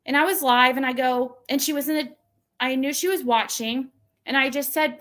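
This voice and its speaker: A woman hosts her own channel in a casual livestream rant, venting with exasperation. Her voice is fairly quick and a bit bright, and she mocks the messages she received by reading them in a shrill voice.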